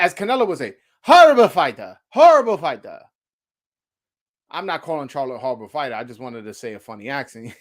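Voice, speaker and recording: A man hosting his own show, giving a casual, profane opinion rant with rhetorical questions and many repeats. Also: mid-range voice. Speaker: boxing commentator, show host.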